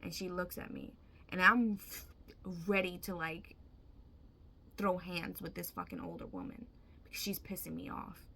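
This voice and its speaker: A woman's voice: lowish voice, sing-song, normal speed, gravelly, pushed and bright, a little hiss or hum. A woman casually retelling a vivid dream, chatty and emphatic, swearing freely. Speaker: storyteller.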